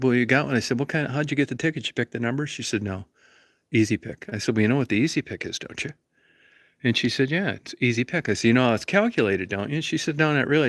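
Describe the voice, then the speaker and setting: A man hosting a livestream speaks in a mid-range, fairly bright voice, recorded clean in a studio with no echo. He tells a story as a rambling, argumentative rant, swearing constantly and profanely.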